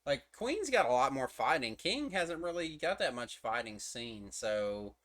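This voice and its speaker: A manga chapter reviewer rambles through a casual, profane review from his room as streamed commentary, full of fillers and restarts. His medium-pitched voice is sing-song and fairly bright, at a measured pace.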